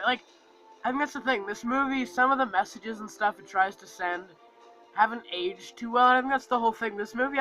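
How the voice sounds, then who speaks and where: A man's voice: very high-pitched, pushed and bright, rough recording. A man giving a casual, rambling movie review, full of fillers and acting out lines from the film.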